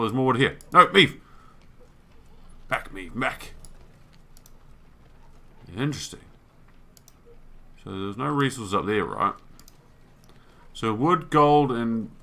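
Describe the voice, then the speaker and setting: Bright-voiced man doing gameplay commentary. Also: medium pitch, vocal fry. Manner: thinks aloud, swears, reads on-screen text. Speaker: gaming YouTuber. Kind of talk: let's play commentary.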